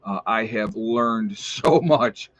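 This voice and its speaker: A man hosting a casual livestream, chatting and reading out viewer shout-outs with opinionated asides. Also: fairly low pitch, takes it slowly, no room sound. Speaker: livestream host. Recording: dull lo-fi stream audio.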